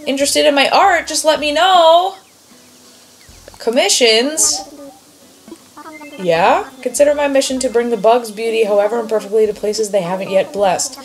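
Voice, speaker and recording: A woman's voice: a little high, moderate pace, pauses often, voice pushed up, lightly acted. Woman reading a dreamy bug-loving artist. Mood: earnest. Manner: earnest, wistful, poetic. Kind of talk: reading game dialogue aloud.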